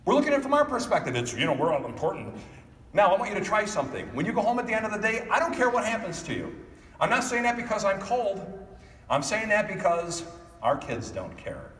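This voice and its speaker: A middle-aged man giving a motivational keynote speech, animated, acting out family members in quick voices. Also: sits high. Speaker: keynote speaker. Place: large hall. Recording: echoey hall from far off.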